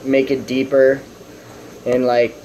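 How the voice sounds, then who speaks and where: A young man from the Southern US with a Texan accent, giving a rambling, halting update about his fish at home and often restarting his sentences. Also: mid-range voice, completely flat delivery, dark tone, highs cut off, a little hiss or hum. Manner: coos at his fish in a raised voice. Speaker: fish-keeping vlogger.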